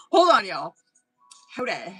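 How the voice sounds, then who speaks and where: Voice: medium pitch, sharp tone, husky, poor audio. A tarot reader hosting a livestream in casual, slangy chat, swearing freely and often breaking off to say "hold on.".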